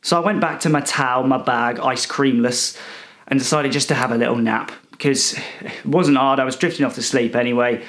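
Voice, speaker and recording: A young man telling a rambling, self-righteous comic story in a deadpan, indignant manner. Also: medium pitch, moderate pace. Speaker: comedic character monologue performer.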